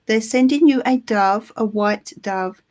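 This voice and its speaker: A woman giving a live psychic reading, soothing and reassuring, with frequent pauses and restarts. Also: on the high side, darkish tone. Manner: soothing, reassuring, calls the listener "my love"; halting, with many ums and restarts. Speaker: tarot reader.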